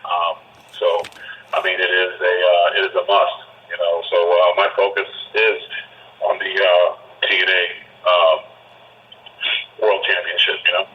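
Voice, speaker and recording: A man with a very low, deep voice comes through a muffled, dull phone line. He talks quietly and without hurry, never raising his voice, as an interview guest. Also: little pitch movement, slight background noise. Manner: quiet, unhurried, never yells. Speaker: guest, pro wrestler. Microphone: telephone.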